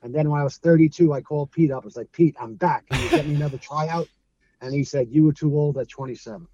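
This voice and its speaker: A man's voice: fairly high pitch, fast talker, no room sound, lo-fi sound. A middle-aged man from Brooklyn with a New York accent, telling stories as an interview guest and acting out the people in them. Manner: animated storyteller, acts out quoted voices, laughs often. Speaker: guest, former streetball player. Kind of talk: casual storytelling interview.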